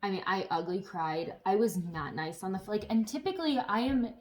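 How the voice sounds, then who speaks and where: Speaking fairly quickly in a medium pitch, this woman vlogs casually to camera. Her storytelling is animated and sprinkled with some swearing.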